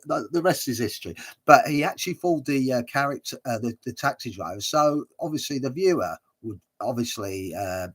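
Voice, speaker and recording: A man's voice: mid-range voice, expressive, moderate pace, breathy edge. A man hosting a watch-along livestream, giving casual, hesitant commentary full of uhs and chuckles.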